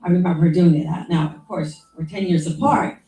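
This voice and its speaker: A woman's voice: on the low side, a little fast, warm tone. Woman reminiscing in an echoey room. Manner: rambling, conversational, full of asides and quoted lines. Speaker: younger sister giving memorial remarks. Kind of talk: informal memorial talk. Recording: echoey room from some distance.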